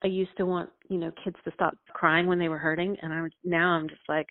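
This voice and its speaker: A woman who teaches middle school speaks earnestly, circling back and restarting as she works through her thoughts. Her voice sits a little low. The sound is dry and narrow, like a phone line. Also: flat delivery, no echo. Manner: earnest and reflective, with halting restarts. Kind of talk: casual conversation.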